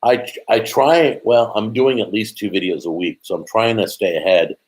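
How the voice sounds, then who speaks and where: A man's voice: lowish voice, moderate pace, low-quality recording. A middle-aged man hosting a casual live stream, reading viewer comments aloud and rambling with many fillers and restarts. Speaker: host reading live chat.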